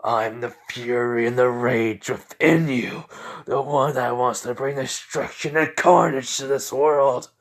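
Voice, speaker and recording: A man voicing a menacing male spirit of rage and fury in a homemade fan story, speaking in slow, looming declarations. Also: mid-range voice, fairly even intonation, close to an everyday voice.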